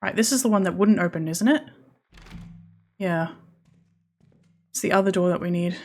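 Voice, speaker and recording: A woman's voice: medium pitch, moderate pace, darkish tone. A woman streaming a horror game, muttering to herself, hesitant and swearing freely. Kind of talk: live gaming commentary.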